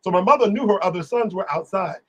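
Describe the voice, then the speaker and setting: A man guest, telling animated stories in casual talk, singing bits of lyrics and acting out voices. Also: high-pitched, fast, lo-fi sound. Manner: animated, exclamatory, sings lyrics and acts out voices. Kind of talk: casual storytelling on a live stream.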